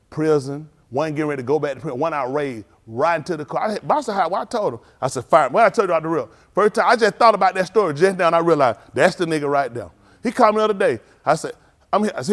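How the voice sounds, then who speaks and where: A middle-aged male pastor, preaching informally and telling lively street stories in which he acts out the voices. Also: on the high side. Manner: animated storytelling, acts out voices, laughs.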